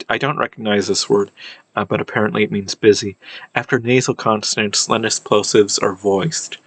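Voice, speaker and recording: Low-voiced man musing through a language lesson. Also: dry recording, low-quality recording. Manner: thinking aloud, many fillers and self-corrections. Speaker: video lecturer on historical linguistics. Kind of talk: casual unscripted explainer.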